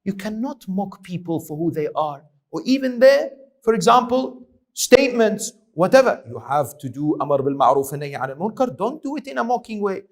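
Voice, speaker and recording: A man's voice: high voice, big pitch swings, fairly quick. A man preaching an Islamic lecture, reciting Arabic verses and often checking in with rhetorical questions to his listeners. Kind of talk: religious lecture.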